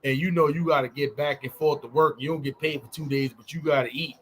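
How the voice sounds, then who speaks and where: Laid-back male podcast host, slightly high voice. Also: steady tone, fast, slight background noise. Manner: loose and conversational, fills with "you know what I'm saying". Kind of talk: casual chat.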